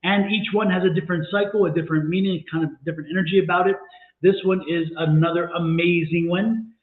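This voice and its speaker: Brief: upbeat, high-pitched man hosting a livestream, coaxing viewers step by step, echoey phone-like sound. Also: steady tone, fast talker. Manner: upbeat, urging viewers with repeated instructions. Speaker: tarot reader co-host. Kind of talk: livestream chat.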